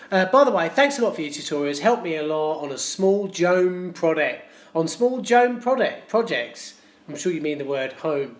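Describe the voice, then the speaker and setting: A man's voice: high voice, echoey room. A man, a plumber, chatting jokily with viewers on a live stream and reading out their comments. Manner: jokey, chatty, reads viewer comments aloud. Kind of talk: casual live-stream chat.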